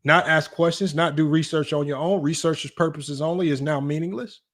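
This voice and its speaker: A man hosting a casual sports livestream, teasing his chat, his voice jumping up in mock disbelief. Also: brisk. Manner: animated, teasing, voice jumps high in mock disbelief. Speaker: livestream sports talk host.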